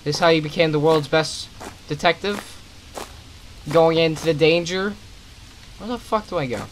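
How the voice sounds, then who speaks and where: A man's voice: on the high side, moderate pace, slight background noise, rough recording. Sweary, irritated young man gaming. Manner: swearing, irritated, sarcastic asides. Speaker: gaming commentator. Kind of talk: let's play commentary.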